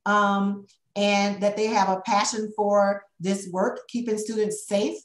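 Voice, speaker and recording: A woman consultant presenting to a school board answers members' questions, thinking aloud with fillers and "right?" tags. She speaks slowly at a medium pitch with a flat delivery. The meeting room is echoey.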